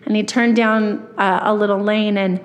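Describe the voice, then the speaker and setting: A woman's voice: medium pitch, level tone, moderate pace. A woman giving a personal testimony talk at church, telling her story earnestly with many fillers and restarts. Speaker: church speaker. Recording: long reverb of a hall.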